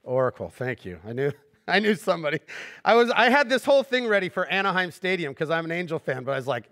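Middle-aged guy preaching, chatty and jokey, goes quiet then gets lively, kinda high voice. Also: fast. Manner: conversational and joking, swinging from hushed earnest to animated. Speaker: pastor. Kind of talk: sermon.

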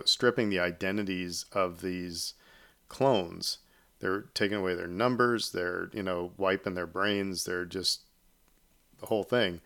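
A man hosting a casual podcast, his voice a touch low and smooth. He rambles through his points with plenty of ums, restarts and asides. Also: fairly bright tone. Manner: rambling, many fillers and restarts. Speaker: podcast host. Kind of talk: casual chat.

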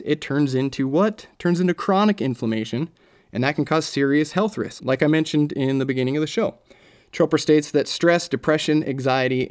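Male solo podcast host, casual storyteller, frustrated and wry, medium pitch. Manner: animated storytelling, exasperated asides, casual swearing.

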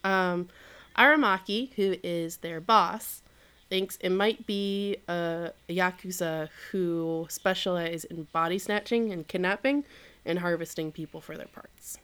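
A woman co-hosting a podcast, recapping a show episode in relaxed casual chat, swearing now and then and using plenty of fillers. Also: lowish voice, measured pace, clean tone.

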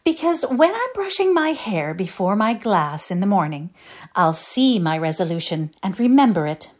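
A woman's voice: mid-range voice, very animated, normal speed. A woman playing a prim, proper young girl. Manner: severe, prim.

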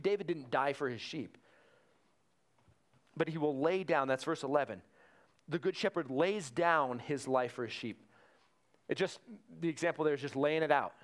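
A man's voice: on the high side, normal speed. Man preaching conversationally. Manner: conversational preaching, animated retelling of stories. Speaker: pastor. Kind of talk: sermon.

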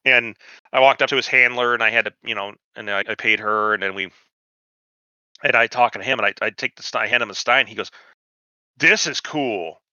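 A podcast host in his forties, with a lowish, steady, sharp voice, talks fast through a long, profane, rambling anecdote in casual storytelling chat, acting out quotes from people he met. The tone is clean with no room sound, though the audio is lo-fi.

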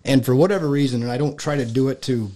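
A man from Michigan, chatting casually as a podcast guest in a rambling, joking way with many halting fillers. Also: medium pitch, dark tone. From Michigan, USA. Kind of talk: casual chat.

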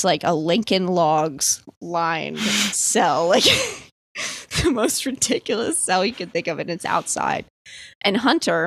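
Casting: young woman from the US East Coast, low-pitched, chatty storyteller, laughs and swears, dry close sound. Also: gravelly, a bit bright, dry recording. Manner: chatty, lots of "like", swears, laughs mid-sentence. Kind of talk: casual storytelling among friends.

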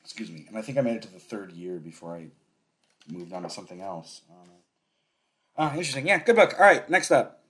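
A man's voice: lowish voice, animated, fast talker, a bit bright. Rambling, laughing male podcast host. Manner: rambling, laughing storyteller with many restarts. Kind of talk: casual chat.

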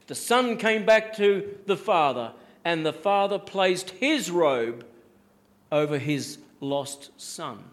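High-voiced pastor preaching emphatically. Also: male voice. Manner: emphatic preaching with repeated phrases and rhetorical questions. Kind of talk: sermon.

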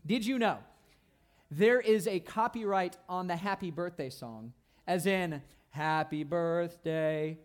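A young man leads a youth sermon in a playful, animated way. His voice sits high for a man. He keeps checking in with the crowd as he talks. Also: a little slow. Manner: animated, playful, asks the crowd "right?" often. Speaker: youth pastor.

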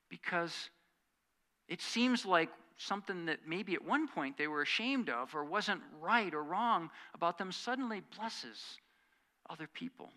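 A man preaching a sermon as pastor, earnest, swinging from loud emphatic lines to quiet, hushed asides. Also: high-pitched.

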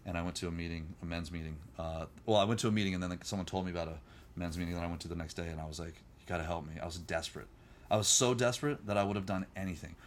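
Middle-aged male guest, low voice, rapid candid storytelling, faint background noise. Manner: rapid, animated, acts out quoted voices. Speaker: podcast guest, musician.

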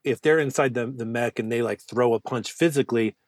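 Man, podcast co-host, casual movie chat, rambling jokes, mid pitch, dry close sound. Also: a little fast, no room sound. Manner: joking, rambling, swears freely.

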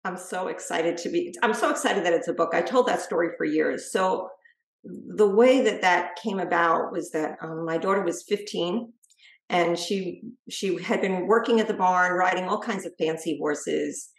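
A middle-aged woman, a guest author, telling a personal story in a lively way and acting out what others said. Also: fairly low pitch, moderate pace, gravelly. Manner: lively storyteller who acts out quoted speech. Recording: echoey room.

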